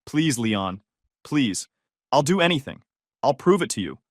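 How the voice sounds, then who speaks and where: A man's voice: mid-range voice, sing-song, unhurried, dry recording, clean studio sound. A man voicing a tearful young woman who pleads desperately with her ex-fiancé to take her back. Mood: desperate begging.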